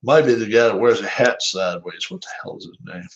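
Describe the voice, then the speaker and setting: A man's voice: lowish voice, animated, brisk, muffled recording. Chuckling Southern man calling a game. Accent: Southern American. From American South. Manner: chuckles often, rambling, self-deprecating. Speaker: host replaying a tabletop baseball game. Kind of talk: casual play-by-play chat.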